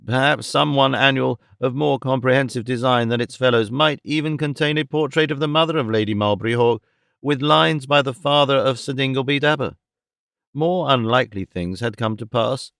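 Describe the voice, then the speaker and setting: A man narrating a classic novel as an audiobook, in a measured, wry storytelling manner. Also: medium pitch, gravelly, a bit bright, clean tone, dry recording, studio quality.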